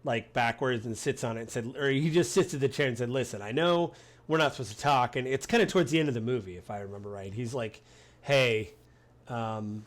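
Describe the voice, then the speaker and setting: A man hosting a podcast talks through a film in loose, rambling sentences. He fills pauses with ums and you-knows and drops into little acted-out quotes. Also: mid-range voice. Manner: rambling, acts out quoted lines with many fillers. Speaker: podcast host. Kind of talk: casual film discussion.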